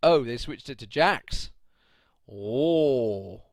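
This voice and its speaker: This UK esports caster speaks extremely slowly in a mid-range voice with lively intonation and no echo. Commentating a match alone on a live stream, he chats, laughs often and rants at his viewers.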